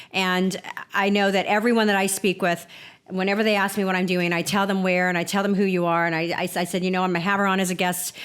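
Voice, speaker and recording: A woman's voice: lowish voice, clean tone. A woman hosting a podcast, chatting in a casual, effusive and grateful way with many restarts. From California. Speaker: podcast host. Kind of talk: casual interview chat.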